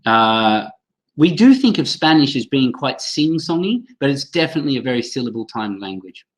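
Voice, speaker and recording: A man's voice: medium pitch, big pitch swings, moderate pace, poor audio. A man leading a live online training for teachers over a computer mic, chatty, reacting to viewers' comments and often restarting his sentences.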